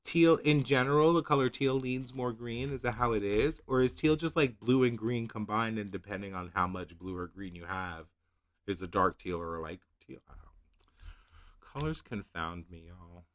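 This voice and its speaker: A man's voice: lowish voice, moderate pace. A man hosting a casual nail polish livestream, rambling, second-guessing himself and laughing at his own confusion. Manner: reads product blurbs in a mock-dramatic voice. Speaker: nail polish channel host.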